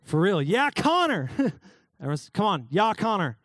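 High-voiced young guy preaching to a youth group, jokey and casual, dry close mic. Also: animated, fairly quick, dry recording. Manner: casual, joking, calls out listeners by name. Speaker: youth pastor. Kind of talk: youth sermon.

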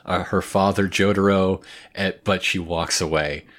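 A man with a fairly low voice, co-hosting a podcast and walking through an anime episode. He talks in a casual, wry, offhand way, with plenty of fillers. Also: steady tone, measured pace, fairly bright tone. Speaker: podcast co-host.

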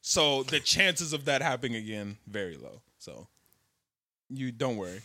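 A young man telling a story in casual chat, animated and slangy, with lots of swearing. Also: medium pitch, normal speed, dry recording, clean studio sound.

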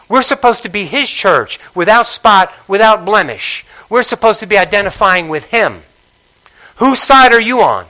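A man's voice: sits high, animated, moderate pace, pushed and bright, rough recording. A man preaching a sermon from the pulpit as pastor, emphatic, repeating his phrases and prodding the congregation to respond.

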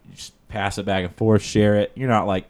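Very deep-voiced man telling stories. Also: level tone, brisk, a little mellow. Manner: rambling storyteller, lots of fillers and "he's like". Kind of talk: casual chat.

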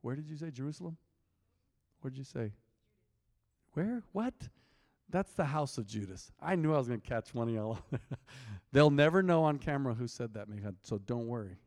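Animated preacher in an echoing hall. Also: male voice, medium pitch, normal speed, long pauses. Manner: animated, teasing, quizzes the congregation. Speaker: pastor. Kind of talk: interactive sermon, reading scripture aloud. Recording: long hall reverb.

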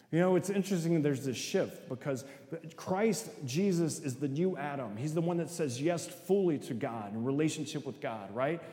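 A man's voice: mid-range voice, dark tone. A middle-aged man giving a sermon-style talk, telling stories, acting out voices and often asking the audience "right?". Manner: acts out voices in quotes. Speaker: speaker. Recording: echoey hall with long reverb.

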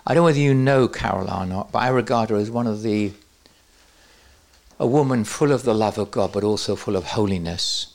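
A man's voice: on the low side, brisk, vocal fry, darkish tone. A man teaching at a church conference, with joking, self-deprecating asides to the audience. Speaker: preacher.

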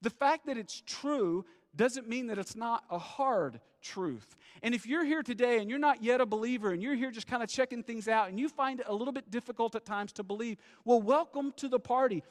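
A man preaching a sermon as pastor, conversational and animated, acting out the people he talks about. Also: extremely high pitch, in a large hall.

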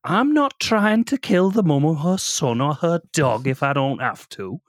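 Casting: a man playing a boastful worm-loving monster, hammy put-on Aussie, wildly swooping pitch, dry close mic. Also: expressive, a little slow, no room sound. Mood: insistent. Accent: put-on Australian. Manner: swaggering, crude, breaks into laughter. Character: the Babadook, tall male monster obsessed with worms. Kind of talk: comedy podcast character bit.

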